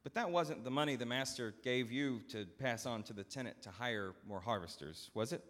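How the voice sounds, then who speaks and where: A man's voice: medium pitch, normal speed, fairly bright tone, lightly acted. A man voicing a timid male servant who speaks hesitantly and nervously, heard with long hall reverb.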